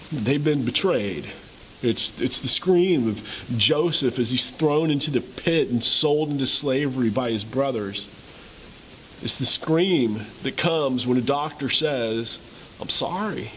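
A man's voice: medium pitch, a little hiss or hum, rough recording. A man preaching a sermon, retelling a scene dramatically with repeated rhetorical questions. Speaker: pastor.

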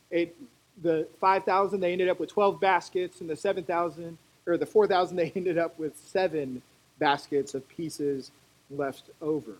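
Brief: preacher, husky tone, chatty sermon delivery with asides. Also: medium pitch, poor audio. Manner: conversational, animated storytelling with asides.

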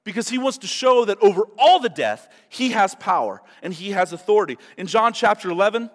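A male pastor preaching a sermon, animated, acting out quotes in different voices. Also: sits high, brisk, big-room sound.

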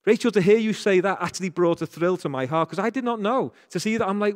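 A man's voice: sits high, fast talker, few pauses. Male pastor, northern english accent, earnest sermon, repeats key phrases, long church-hall reverb.

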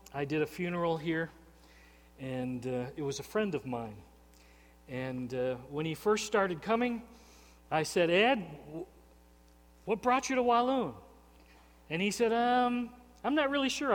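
A man's voice: on the high side, in a large hall. A man preaching a sermon as pastor, earnest and personal, often repeating words and restarting phrases. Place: church sanctuary.

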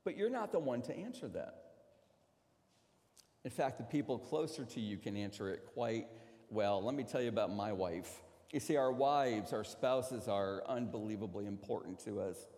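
A man preaching a sermon as a pastor, telling a story dramatically and swinging from loud to hushed. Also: lowish voice, expressive, normal speed, in a large hall. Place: church sanctuary.

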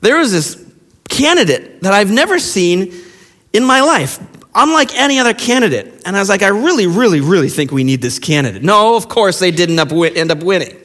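Impassioned high-voiced man preaching in a hall. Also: very animated, a little fast. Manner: impassioned, with rhetorical questions and sudden hushed drops. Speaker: pastor. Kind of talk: sermon. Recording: long reverb of a large hall.

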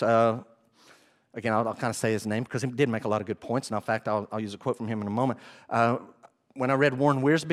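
A male pastor preaching a sermon, animated and often asking the congregation questions. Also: medium pitch.

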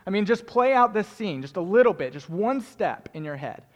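A man preaching a sermon as pastor, animated and joking as he speaks straight to the congregation. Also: high voice, brisk. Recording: long hall reverb.

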